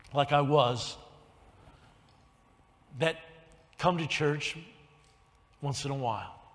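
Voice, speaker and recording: A male pastor preaching a sermon in a church, telling his own conversion story, dropping to a hushed near-whisper and then rising to loud preaching. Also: on the high side, big-room sound, a little hiss or hum. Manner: swings between hushed confession and loud preaching. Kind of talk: sermon with personal testimony. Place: church sanctuary.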